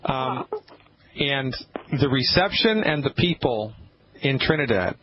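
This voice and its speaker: A man hosts a radio call-in show, giving casual advice in an emphatic, rambling manner and often restarting his sentences. His medium-pitched voice is very animated, slow, and full of pauses. The broadcast sounds muffled and lo-fi, with faint hiss.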